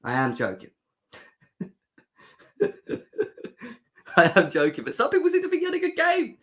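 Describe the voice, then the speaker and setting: A man's voice: very high-pitched, huge pitch swings, moderate pace. Young male livestream host; casual, sarcastic, banters with the chat. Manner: sarcastic, joking, reads out chat comments. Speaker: fan show host. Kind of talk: livestream football reaction chat.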